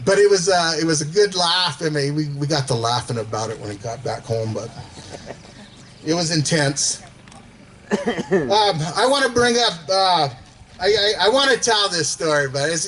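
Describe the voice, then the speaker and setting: A man's voice: fairly high pitch, lively intonation, measured pace, a bit bright, low-quality recording. A man telling casual stories to a gathering, rambling with fillers and chuckling as he goes. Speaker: storyteller at a gathering. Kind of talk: casual storytelling.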